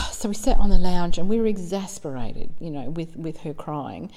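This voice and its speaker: This South Australian psychic medium, a middle-aged woman, speaks in a large hall with a warm, low voice, lively intonation and a moderate pace. Her storytelling is casual yet earnest and emotional, and she acts out pieces of dialogue.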